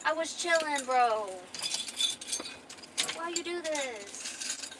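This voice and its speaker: A woman's voice: sits high, animated, very slow, noisy background. A young woman streamer chatting casually and rambling with swearing while she draws. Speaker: art streamer. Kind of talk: casual chat.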